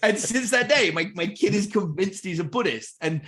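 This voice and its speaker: A man's voice: high voice, moderate pace. A middle-aged English man, a podcast guest, telling casual stories and acting out conversations with his kids. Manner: lively anecdotes, acts out family dialogue. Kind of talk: casual storytelling.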